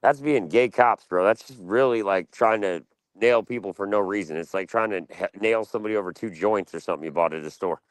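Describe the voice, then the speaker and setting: Fast-ranting profane man, low voice. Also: no echo. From Delaware, USA. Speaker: podcast panel host. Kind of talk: casual profane rant.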